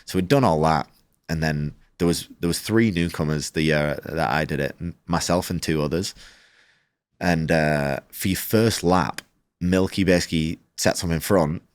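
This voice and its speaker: A man, a motorcycle racer, telling a story as a podcast guest in a casual, animated way, acting out his own and others' words and using "like" often. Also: low-pitched, normal speed, dry recording, studio quality. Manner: animated, acts out quoted exchanges, frequent "like" fillers.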